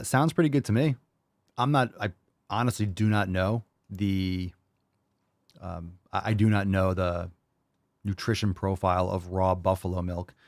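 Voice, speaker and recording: A young man answers listener questions on a live fitness podcast, easygoing but prone to loud, profane bursts of hype. His voice sits fairly low, and the sound is close and dry with no room echo. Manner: loud hype, swearing, hyped-up energy. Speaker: podcast host. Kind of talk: live call-in Q&A.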